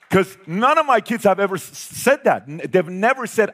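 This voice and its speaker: A man giving a motivational talk to an audience, telling a family story with animated swings from loud to hushed. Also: sits high, brisk, breathy edge. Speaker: speaker.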